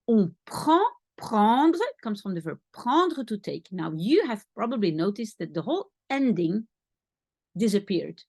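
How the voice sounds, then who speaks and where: A woman's voice: medium pitch, sing-song, a little slow, a little mellow, no echo. A woman teaching a language lesson, patiently explaining and repeating sounds for her student.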